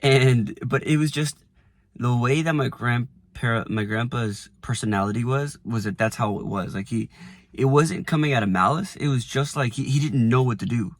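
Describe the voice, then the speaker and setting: A man in his twenties, vlogging casually from inside his car, rambling with lots of fillers and going quiet when a memory moves him. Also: medium pitch, moderate pace, no echo. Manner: rambling, lots of "like" and restarts, softens when emotional. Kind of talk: casual reflective vlog.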